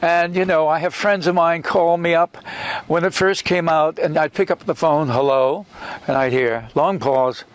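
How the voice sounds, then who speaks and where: An older man, an actor being interviewed, telling anecdotes in an animated way with restarts and acted-out quotes. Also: a little high, moderate pace, background noise.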